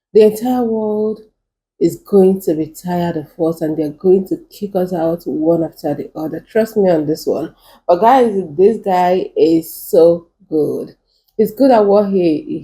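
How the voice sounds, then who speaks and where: A woman's voice: lowish voice, warm tone. A woman hosting a reaction video, chatting casually, laughing easily and talking straight to her viewers.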